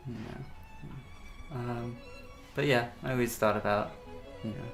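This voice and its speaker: A man rambles through a mockumentary interview in a gravelly voice. He keeps stopping on "you know" and "um". Clear music plays underneath. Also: medium pitch, slow, fairly bright tone.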